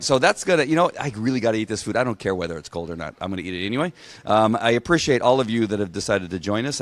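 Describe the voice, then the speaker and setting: A man hosting a casual live stream from a restaurant bar, chatting with viewers and rambling as he reads their comments. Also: sits low. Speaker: livestream host.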